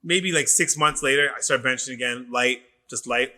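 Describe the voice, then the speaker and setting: A man's voice: mid-range voice, normal speed. A middle-aged man, a personal trainer, telling stories in casual podcast chat, acting out quoted voices and swearing freely. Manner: animated storyteller who acts out quoted voices and swears freely.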